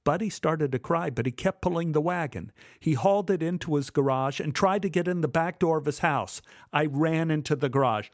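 Guy reading his own childhood story, measured pauses, super dry mic. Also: fairly high pitch, dry recording. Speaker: narrator. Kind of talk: first-person memoir storytelling.

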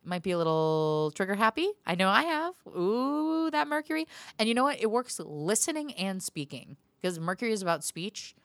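A woman's voice: medium pitch, sing-song, normal speed, few pauses, fairly bright tone, no echo. A woman hosting her own podcast, chatting loosely and swearing freely, with frequent laughs. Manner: profane, rambling, laughs often. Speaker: podcast host. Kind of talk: casual solo podcast pep talk.

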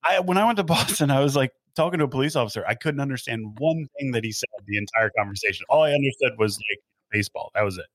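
A man's voice: mid-range voice, expressive, fast, few pauses, a bit bright, no echo. A man joining a casual podcast chat, joking and teasing about accents.

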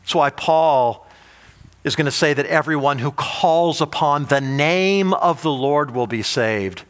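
Eager higher-voiced male preacher. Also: measured pace. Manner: animated, asks the audience rhetorical questions; frequent restarts and repeated words. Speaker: pastor. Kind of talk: sermon.

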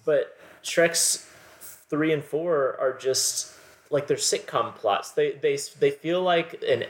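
A man co-hosts a podcast, breaking down films in a loose, wandering way and dropping "like" all over his sentences. His voice sits a little high and he takes his time.

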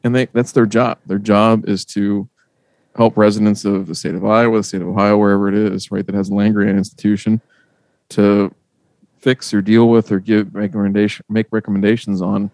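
A man hosting a podcast, telling stories in a casual, profane, animated way. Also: fairly low pitch, a little fast, dry recording. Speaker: podcast host. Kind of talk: casual chat.

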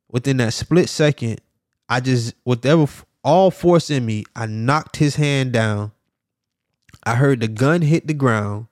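A middle-aged man hosting a podcast who tells a story in an animated way, laughing often and acting out the sounds. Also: mid-range voice, no echo, studio quality. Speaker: podcast host.

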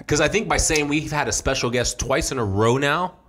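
A man's voice: fairly high pitch, fairly quick, a bit bright. A man co-hosting a podcast in casual chat, with teasing, mock-stern banter. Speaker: podcast co-host.

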